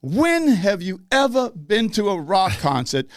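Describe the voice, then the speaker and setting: A man's voice: high voice, big pitch swings, a little slow, dry recording. An older man from the northeastern US telling a story in casual chat, profane and laughing, acting out the people in it.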